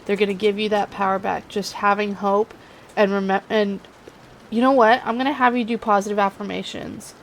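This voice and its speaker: With a medium-pitched voice that barely moves in pitch, a young woman reads tarot at a moderate pace in a chatty, self-deprecating way. She sounds Californian but slides into a southern drawl, and the low-quality recording has a slight hiss or hum.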